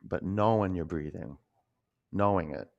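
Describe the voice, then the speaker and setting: Gravelly-voiced man guiding a yoga class. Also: deep voice, measured pace, dull audio. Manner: gentle, conversational cueing with frequent fillers. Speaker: yoga teacher.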